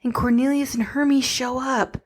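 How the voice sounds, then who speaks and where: A young adult woman co-hosting a casual podcast, her voice pitched a little high. She giggles and teases, stumbling through restarts as she recaps the story with relish. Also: flat delivery, normal speed. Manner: giggly, teasing, recaps plot with many restarts. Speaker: podcast co-host. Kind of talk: casual chat.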